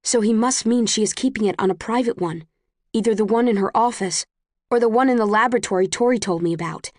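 A woman narrating a first-person audiobook in a measured, tense storytelling manner. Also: on the high side, a little mellow, dry recording, studio quality.

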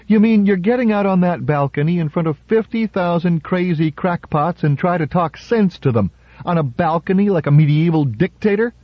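A male narrator puts on an exasperated campaign manager who pitches up in disbelief. The sound is slightly dull, from a muffled audiobook recording. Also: animated, moderate pace, no echo. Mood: incredulous.

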